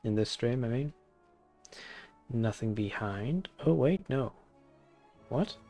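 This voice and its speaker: A man's voice: mid-range voice, takes it slowly, dark tone, soft background music. A man streaming a game, musing aloud in casual asides and correcting himself. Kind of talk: casual gameplay commentary.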